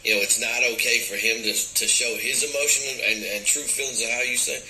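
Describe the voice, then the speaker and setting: A man's voice: medium pitch, fairly even intonation, brisk, pushed and bright, echoey room, a little hiss or hum, poor audio. A man speaking bluntly and profanely, giving his opinion in casual talk.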